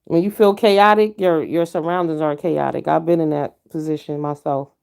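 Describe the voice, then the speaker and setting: A woman's voice: low-pitched, steady tone, moderate pace, vocal fry, darkish tone, clear, resonant tone. A middle-aged woman ranting bluntly and profanely to her viewers in a casual vlog. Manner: blunt and profane, with frequent mm-hmms. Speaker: vlogger.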